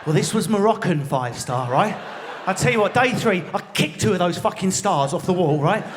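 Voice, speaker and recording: An English man with an Essex accent doing a live stand-up routine in a large theatre, ranting fast with lots of swearing and sudden shouts. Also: high-pitched, animated, background noise. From England. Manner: rapid, swearing, mock-outraged rants with frequent shouting. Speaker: stand-up comedian. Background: audience laughter.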